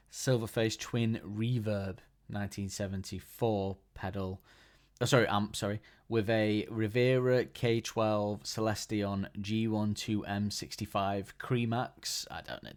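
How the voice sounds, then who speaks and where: Low-voiced rambling podcast host, man. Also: a little mellow. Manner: enthusiastic, rambling, frequent restarts. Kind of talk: casual solo podcast chat.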